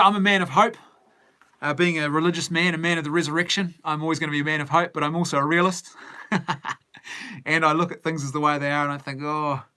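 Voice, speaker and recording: A man's voice: on the high side, sharp tone, clear, resonant tone. A middle-aged man with a New Zealand accent hosts a casual movie news stream, musing as he answers viewer comments. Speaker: movie news show host. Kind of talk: casual live-stream chat.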